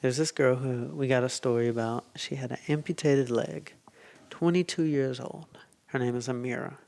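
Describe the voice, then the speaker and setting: A man, a podcast guest telling a story with animated quotes and whispered asides. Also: medium pitch, normal speed, gravelly.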